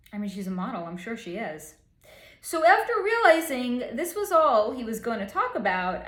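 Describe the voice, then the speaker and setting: A woman psychic vlogger talking through her readings with a lively, swooping voice, tossing in snarky personal asides. Her voice sits a bit high, and the room has an echo. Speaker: psychic channel host. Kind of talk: casual vlog, relaying psychic readings.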